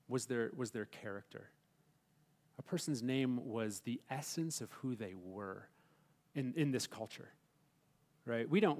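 Man preaching with animated rhetorical questions. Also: fairly high pitch. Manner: animated preaching, rhetorical questions, soft slow emphasis on scripture. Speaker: pastor. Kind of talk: sermon.

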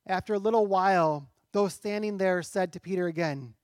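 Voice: mid-range voice, normal speed, few pauses, no echo, clean studio sound. A pastor preaching a sermon in a church, talking conversationally and asking rhetorical questions.

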